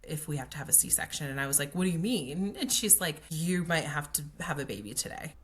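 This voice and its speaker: A woman's voice: deep voice, expressive, fairly quick. A woman, a guest telling her pregnancy story in a casual, chatty way, full of "like" and acted-out quotes. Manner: chatty, frequent "like" fillers, acts out quoted dialogue. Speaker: guest, pelvic floor occupational therapist.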